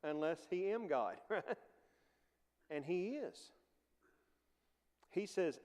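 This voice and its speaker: Male Bible class teacher, chatty and chuckling, high voice, reverberant church room. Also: expressive, slow pace, pauses often, darkish tone. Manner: conversational, chuckles often, acts out quotes.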